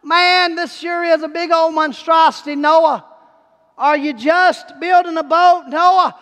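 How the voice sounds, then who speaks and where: A scornful heckler jeers and hollers, as a preacher voices him. The voice sits very high and rings through a big reverberant sanctuary. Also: male voice, fairly even intonation, takes it slowly, fairly bright tone, exaggerated voice. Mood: mocking. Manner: jeering, hollering. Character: old heckler mocking Noah's boat.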